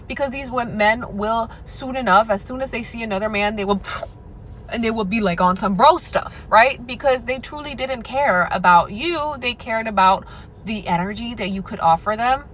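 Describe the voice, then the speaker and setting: A woman's voice: on the high side, moderate pace, a bit bright, a little hiss or hum, rough recording. A young woman giving dating advice straight to her viewers in a sassy, confiding way, calling them girl and honey. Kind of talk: direct-to-camera advice monologue.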